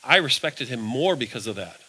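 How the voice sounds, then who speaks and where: A man's voice: mid-range voice, lively intonation, brisk, sharp tone, breathy edge, rough recording. A man preaching an evening sermon in a church, folksy, posing rhetorical questions and answering them himself. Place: church sanctuary.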